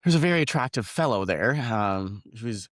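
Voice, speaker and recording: A man's voice: on the low side, animated, moderate pace, no echo, clean studio sound. Chatty young man, laughing through stories. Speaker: podcast co-host. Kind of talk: casual chat.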